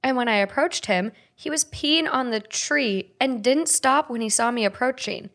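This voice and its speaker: A woman's voice: fairly high pitch, normal speed, a bit bright. A woman in her twenties hosting a podcast in casual chat, laughing often and reading stories and ads aloud. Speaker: podcast host.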